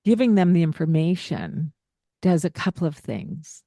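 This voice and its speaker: A woman hosting a parenting podcast, explaining calmly and laughing often. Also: on the low side, moderate pace, no echo. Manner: calm, explanatory, laughs often, acts out kids' voices. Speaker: podcast host, parenting coach. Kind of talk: casual podcast advice.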